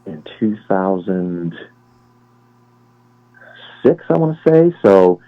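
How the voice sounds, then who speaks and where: A man in his forties from Cleveland, a guest on an interview, talking in a relaxed, chatty way and often correcting himself. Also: low-pitched, takes it slowly. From Cleveland, Ohio. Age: 40s. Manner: relaxed, chatty, laughs easily, self-correcting. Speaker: guest, former Navy sniper. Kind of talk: casual interview chat. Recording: tinny phone-line audio.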